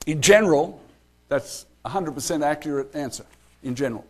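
Animated man teaching a Bible study. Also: a little high, brisk. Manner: animated, chatty, laughs often, acts out quotes.

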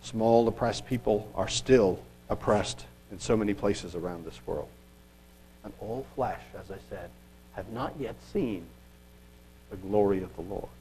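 A man preaching a sermon, reading scripture aloud and asking rhetorical questions, earnest with quiet asides. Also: fairly low pitch, unhurried, a little hiss or hum, low-quality recording.

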